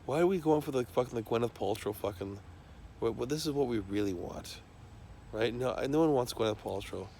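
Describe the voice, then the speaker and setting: A man's voice: medium pitch, a little fast, creaky, dark tone, a little hiss or hum. A man talking in a loose, rambling monologue, swearing constantly and trailing off into fillers and restarts.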